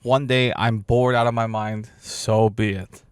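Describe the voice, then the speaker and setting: A man co-hosting a podcast in casual chat, playful and quick with jokes. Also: on the low side, clean tone, dry recording. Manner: playful, jokey interjections, lively intonation. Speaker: podcast co-host.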